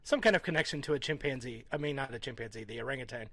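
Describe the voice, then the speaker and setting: A man on a video call in casual conversation, joking dryly and pausing on fillers. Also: mid-range voice, fairly bright tone, dry recording. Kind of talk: casual chat. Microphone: remote video call.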